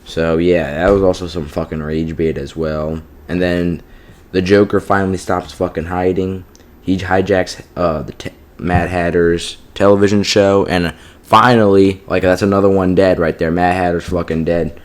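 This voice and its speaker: A man's voice: deep voice, flat delivery, moderate pace. A man giving a casual, profane review of a TV show, exasperated and peppered with "like" and "you know what I mean".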